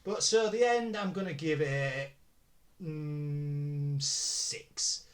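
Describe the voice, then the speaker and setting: A man's voice: a little high, steady tone, extremely slow, crowd noise. A man co-hosting a podcast, teasing his partner in dry, short remarks. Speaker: podcast co-host. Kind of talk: casual chat.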